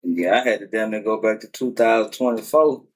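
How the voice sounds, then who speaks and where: A man's voice: lowish voice, brisk, breathy edge. A man chatting casually on a livestream from his phone, wistful and full of slang as he rambles.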